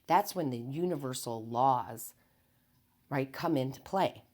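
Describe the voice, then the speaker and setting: A woman with a strikingly deep, low voice gives a spiritual motivational talk to her viewers as a tarot reader. She speaks calmly and earnestly, repeating her key phrases and keeping things unhurried and never hyped up.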